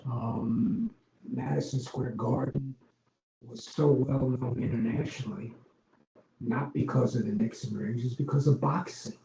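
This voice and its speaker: This mellow, mid-range voice belongs to a former arena executive from Long Island, New York, now older, spinning casual, meandering interview stories with frequent ums and false starts. He speaks a little slowly in a steady tone, with some vocal fry. Faint noise sits under the dull, roomy podcast sound.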